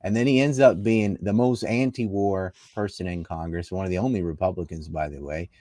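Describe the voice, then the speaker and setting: Deep voiced guy from north carolina going off in an interview, punchy rhetorical questions. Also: steady tone, mellow, no room sound, clean studio sound. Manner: emphatic, rapid-fire rhetorical questions. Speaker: political commentator. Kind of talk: conversational interview.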